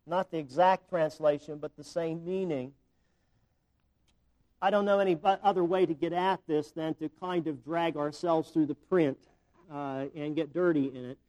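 A man's voice: fairly high pitch, fairly even intonation, normal speed, darkish tone, rough recording. Man preaching with emphatic repetition. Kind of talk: sermon.

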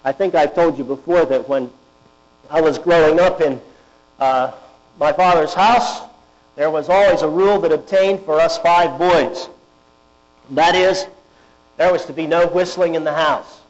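A man preaches a sermon in a high voice, slow and deliberate with strong emphasis, leaning on rhetorical questions. Audio quality is dull and lo-fi, and a mains hum can be heard underneath.

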